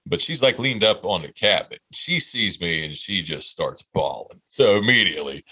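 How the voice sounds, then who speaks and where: Guy in his 30s on a podcast, deep punchy voice, swears a ton, rambles through a story. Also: animated, normal speed, bright, forceful tone. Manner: profane, rambling, heartfelt storyteller. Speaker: podcast co-host. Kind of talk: casual storytelling chat.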